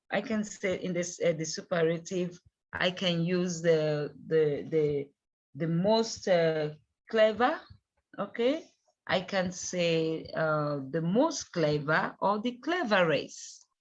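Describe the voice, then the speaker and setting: Slow, patient woman teaching grammar. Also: on the low side. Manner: slow, repeats words, checks with "okay?". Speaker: English teacher. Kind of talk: bilingual grammar lesson. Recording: dull lo-fi recording.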